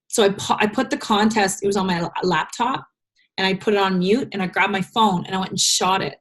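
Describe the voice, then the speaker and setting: A young adult woman coaches a group over a casual call. She talks candidly, with lots of "like" and "um" and quick restarts, while she fights back tears and keeps her pitch in an ordinary middle range. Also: steady tone. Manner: candid, emotional, filler-heavy. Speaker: business coach.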